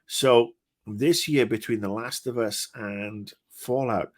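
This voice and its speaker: A British man in his fifties co-hosting a podcast, chatting casually with blunt, profane, animated ranting. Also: mid-range voice, slow, no echo, clean studio sound. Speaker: podcast co-host. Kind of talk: casual chat.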